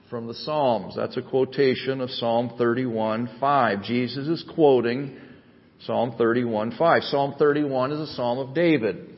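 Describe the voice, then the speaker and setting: A male pastor delivering a sermon, building to emphatic, rising phrases and then easing into explanation. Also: mid-range voice. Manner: preaching with rising emphatic cadence. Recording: dull sound with long hall reverb.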